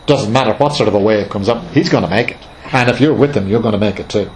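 A man's voice: lowish voice, lively intonation, quick pace, a little mellow, a little hiss or hum, low-quality recording. A man leading an informal Bible study, reading scripture aloud and explaining it in a conversational, emphatic way with many fillers and restarts.

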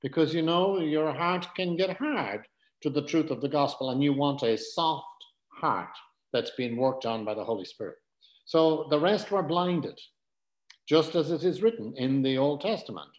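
A man's voice: a little high, moderate pace, reverberant, low-quality recording. A man preaching a conversational Bible teaching, talking plainly with frequent fillers and self-corrections.

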